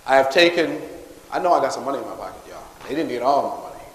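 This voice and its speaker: A man giving a live motivational talk on stage, calling for responses from the audience and pitching his books. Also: fast, a little hiss or hum. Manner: energetic call-and-response with the crowd. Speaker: motivational speaker selling books. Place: large hall with live audience. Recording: echoey hall, long reverb.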